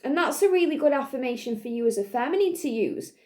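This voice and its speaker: A woman giving a spiritual reading to her viewers, talking earnestly and reassuringly, with many "you know"s, and now and then clearing a slight cough from her throat. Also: high-pitched, expressive, fast, a little mellow. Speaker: spiritual reader. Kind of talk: channelled tarot-style reading to viewers.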